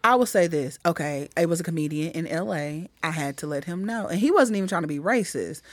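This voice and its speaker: A middle-aged woman comedian talking in a casual podcast chat, blunt and animated, swearing freely as she tells stories. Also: sits low, brisk, no echo. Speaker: comedian guest.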